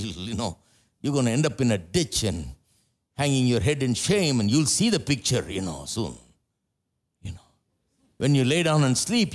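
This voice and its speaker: A man with an Indian English accent preaches a sermon at a live church service. His voice sits at a middle pitch but keeps leaping up for loud, emphatic lines before settling back into low, conversational asides. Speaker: pastor.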